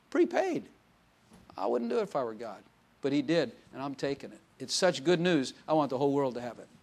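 A man preaching in a relaxed, conversational way, as if telling a story to friends. He slips into quoted voices and laughs now and then, with a mid-pitched voice. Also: quick pace. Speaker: pastor. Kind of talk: sermon.

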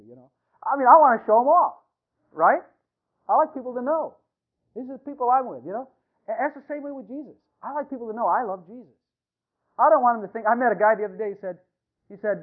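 A man who is a pastor, preaching an animated sermon to his congregation and calling out to them. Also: extremely high pitch, fast talker, long pauses. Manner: animated, talks to the congregation, many fillers. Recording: tinny phone-like radio sound.

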